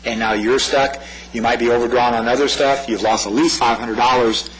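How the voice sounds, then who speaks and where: In a meeting room with crowd noise and a rough recording, a man with a medium-pitched, fairly even voice talks a little fast. He's giving a community presentation on public safety in a loose, conversational way, repeating himself and often checking in with "right?"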